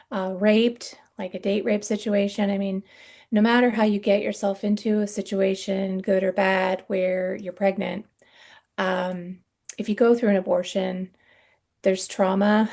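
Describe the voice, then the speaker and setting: An earnest middle-aged woman telling her own story in a podcast interview. Her voice has a gravelly, creaky edge and a middling pitch. She talks haltingly, with soft sighs and many ums. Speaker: guest sharing her story.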